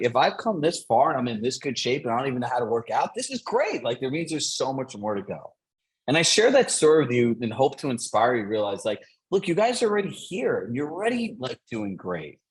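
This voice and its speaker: Upbeat husky-voiced coaching man. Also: medium pitch, low-quality recording. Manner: energetic, upbeat, with frequent "right?" and "like". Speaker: real estate coach. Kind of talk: motivational coaching session.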